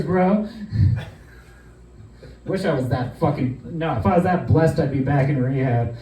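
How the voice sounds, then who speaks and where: A man with a fairly high but mellow voice spins a rambling, profane comic story full of fillers. He sounds set back from the mic in a roomy space, with faint noise underneath. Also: normal speed, distant mic. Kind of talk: comedic storytelling monologue.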